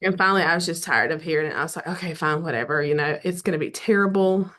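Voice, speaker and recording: Lively middle-aged Southern woman storyteller. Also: deep voice, fast talker. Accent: Southern American. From American South. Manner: animated, acts out quoted dialogue, frequent throat clearing. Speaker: romance author guest. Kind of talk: casual storytelling interview.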